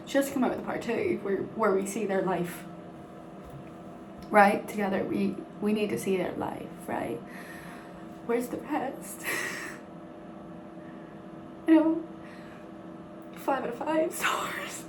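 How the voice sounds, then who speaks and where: A woman's voice: mid-range voice, a little slow, pauses often. A young woman from Northern Ireland with a Northern Irish accent, chatting casually and giggly in a vlog, swearing freely. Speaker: book vlogger. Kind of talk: casual chat to camera. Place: bathroom at night. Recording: echoey room with background noise.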